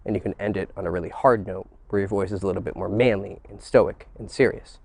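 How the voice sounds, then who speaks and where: A man giving a dating lesson, switching between teacherly explanation and excited, crude joking, swearing casually. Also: deep voice, fast talker, vocal fry. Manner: animated, mixes teacherly talk with excited crude jokes. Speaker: dating coach. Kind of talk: instructional monologue.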